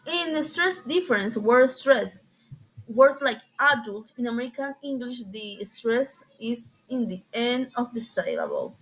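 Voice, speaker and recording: Young woman student doing a class talk, bit high voice, slow careful reading, says sorry and fixes slips. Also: a bit bright, low-quality recording. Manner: halting, careful, with frequent self-corrections. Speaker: student presenter.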